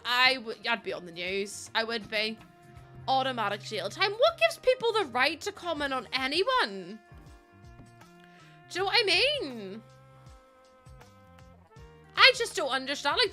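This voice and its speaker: A woman's voice: high voice, very animated, moderate pace, bright, forceful tone, soft background music. A young woman streaming a game from home, talking in a chatty, rambling way and laughing often. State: pregnant. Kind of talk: casual live-stream chat.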